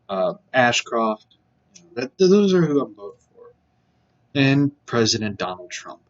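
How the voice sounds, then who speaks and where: A man's voice: medium pitch, highs cut off. A man vlogging in a casual political rant, blunt and profane, circling back with fillers and repeated points.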